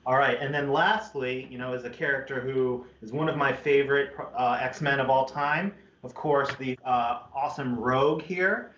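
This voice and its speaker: A man's voice: mid-range voice, moderate pace, hardly any pauses, a bit bright, slight background noise. A man hosting a live stream product presentation, upbeat and chatty with many fillers. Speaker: toy brand host. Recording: muffled, roomy stream audio.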